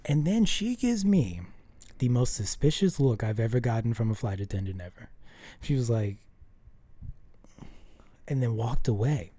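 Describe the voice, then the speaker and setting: A rambling, filler-heavy storyteller with a deep, mellow, very dark voice, talking casually to the camera. The sound is dry and close, with no room around it. Quoted dialogue gets acted out along the way. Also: lively intonation, moderate pace, long pauses, slightly rough, no echo. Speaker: vlogger.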